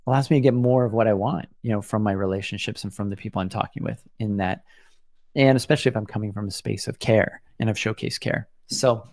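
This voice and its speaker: A man's voice: lowish voice, quick pace, vocal fry, darkish tone, no echo, clean studio sound. A man in his forties hosting a solo podcast, talking in an earnest, reflective way and often restarting his sentences. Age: 40s. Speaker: podcast host.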